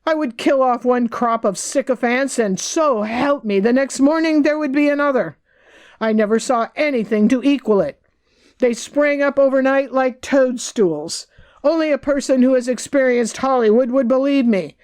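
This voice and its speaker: A woman's voice: high voice, moderate pace, darkish tone, natural voice. A woman reading the part of a candid woman who recalls her troubles with rueful frankness, keeping close to her own voice. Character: candid woman recalling hard times, wry.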